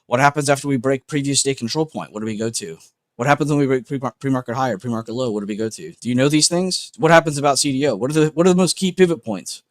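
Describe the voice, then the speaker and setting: A man's voice: mid-range voice, quick pace, no room sound. A man hosting a trading livestream, talking in a blunt, emphatic, unscripted way, swearing often and repeating points.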